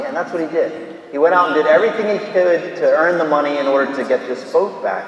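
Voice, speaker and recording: Brief: male priest, measured preaching, heavy church reverb, mic set far back. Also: fairly high pitch, dull audio. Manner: slow, deliberate preaching with storytelling. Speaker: Catholic priest. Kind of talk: sermon. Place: large church. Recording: echoey church hall from far off.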